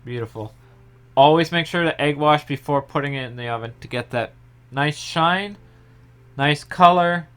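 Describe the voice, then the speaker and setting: A young man in his home kitchen, calmly explaining each step of a pie recipe in a casual tutorial. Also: on the high side, normal speed, clear, resonant tone. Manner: relaxed step-by-step explaining, trailing off softly. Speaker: home baker.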